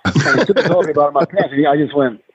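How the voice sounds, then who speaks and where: A man's voice: on the high side, very fast, husky. A man guest in casual chat on a podcast, telling stories with many fillers and restarts. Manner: rambling storyteller, frequent fillers. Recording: tinny phone-like remote line with faint noise.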